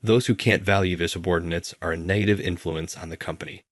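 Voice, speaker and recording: An older company president speaks with earnest remorse in a storybook narration, voiced plainly by a man. The voice sits very low and sounds dry and close, with no room around it. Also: steady tone, quick pace, dry recording, natural voice. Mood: stern.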